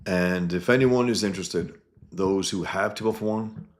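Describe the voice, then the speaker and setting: Man, very low voice, casual talk to viewers, rambling, lots of restarts and asides. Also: normal speed. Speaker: cartoonist presenting his own comic book. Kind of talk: casual talk to viewers while showing pages.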